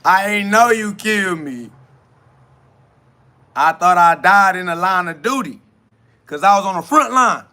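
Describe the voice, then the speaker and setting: In a loose spiritual monologue on his own podcast, a man with a high, bright voice rambles conversationally, laughing often and repeatedly asking "you feel me." He's animated but a little slow, with long pauses, and his voice alternates between loud bursts and hushed passages.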